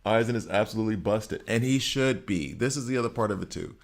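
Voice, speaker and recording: A man's voice: lowish voice, quick pace, vocal fry. A middle-aged man chatting casually on a game live stream, teasing his chat and reacting to gameplay. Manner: chatty, teasing chat readers, talks to viewers while playing. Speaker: gaming streamer.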